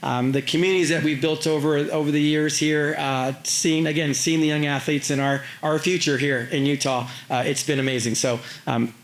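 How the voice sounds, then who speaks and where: Choked-up guy giving a speech, lots of ums, slightly high voice, echoey room. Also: steady tone. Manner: halting, many fillers and restarts. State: choked up with emotion. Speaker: Olympic champion speaking at a send-off event. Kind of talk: emotional public remarks. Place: airport event space. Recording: echoey event hall.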